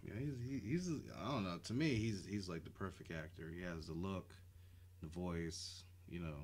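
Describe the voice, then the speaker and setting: A man co-hosting a podcast, chatting casually and swearing freely, getting animated when riled up. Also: sits low, normal speed, a little hiss or hum. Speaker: podcast co-host. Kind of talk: casual chat.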